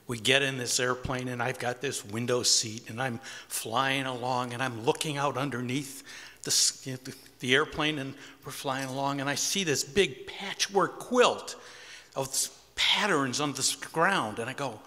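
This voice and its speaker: A man's voice: mid-range voice, normal speed, pushed and bright. A man in his sixties telling a personal story to a live audience in an easygoing, wry, conversational way. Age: 60s. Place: community center hall with audience. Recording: long hall reverb.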